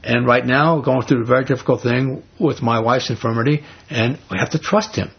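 A man with a very husky, raspy voice leads a casual Bible study, retelling scripture in plain everyday words and putting questions to his listeners. His pitch sits in an ordinary middle range. The recording is dull and lo-fi. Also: fairly even intonation, a little fast. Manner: conversational, asks the group rhetorical questions. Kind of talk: informal Bible study teaching.

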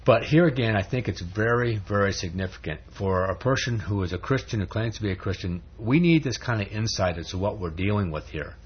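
A male preacher delivers a sermon in a loose, conversational way, drifting into stories. His voice is low and husky. The recording is dull and lo-fi. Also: brisk, few pauses. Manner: conversational storytelling, with fillers.

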